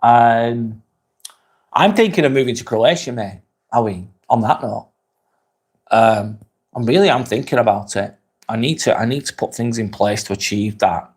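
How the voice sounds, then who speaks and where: A man's voice: medium pitch, moderate pace. Guy doing a chill live vlog, chatty, reading out comments and asking questions. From England. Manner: relaxed, chatty, asks many questions. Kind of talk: casual live-stream chat reading comments.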